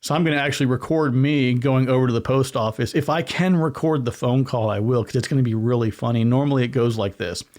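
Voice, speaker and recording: Male podcast host, casual solo talk, rambling and self-correcting, middle pitch. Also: fast, few pauses, a little mellow. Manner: gestures with hands while talking.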